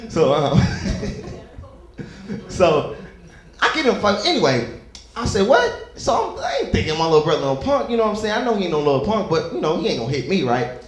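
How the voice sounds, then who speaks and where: A man's voice: a little high, very animated, fairly quick. A young man doing a stand-up comedy set, loose and conversational, chatting with the crowd between stories. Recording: echoey comedy club.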